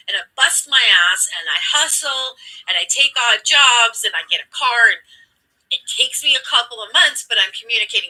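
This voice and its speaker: A woman's voice: fairly high pitch, moderate pace, pushed and bright, poor audio. A woman host telling a story with emphatic, blunt, profane delivery, acting out the dialogue as she goes. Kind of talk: impassioned storytelling commentary.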